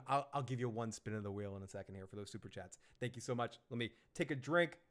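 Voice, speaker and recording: Speaking fairly quickly at medium pitch with hardly a pause, a man runs a laid-back live stream about a TV episode. He rambles, cracks jokes, reads out messages from viewers and laughs frequently.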